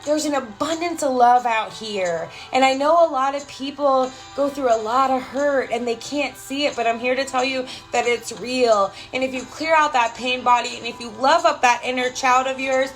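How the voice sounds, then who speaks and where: A woman's voice: sits high, moderate pace, hardly any pauses, fairly bright tone, faint music behind, poor audio. A woman giving casual motivational talk on a live stream, emphatic and affectionate, swearing freely and repeating phrases for effect while answering viewers. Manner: affectionate, calls viewers girl and love. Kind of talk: casual live stream chat, reading comments.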